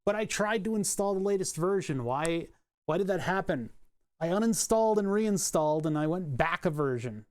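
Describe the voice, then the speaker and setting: Streamer swearing through software trouble. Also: medium pitch, animated, moderate pace. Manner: thinks aloud, swears, laughs at own frustration. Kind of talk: casual live-stream chat while fixing software.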